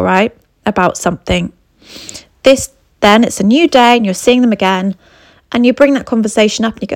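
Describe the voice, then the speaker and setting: A woman coach talks straight to the listener with earnest advice, repeating her main points and asking "okay?" to check in. Her mid-pitched voice has a gravelly edge, and it sounds dry and close. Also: dry recording. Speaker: confidence coach and abuse recovery mentor. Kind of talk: advice talk to camera.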